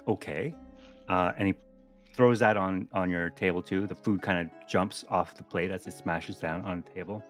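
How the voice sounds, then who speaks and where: A man narrating as game master of a tabletop game, relaxed and chatty with frequent ums and self-corrections. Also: low voice.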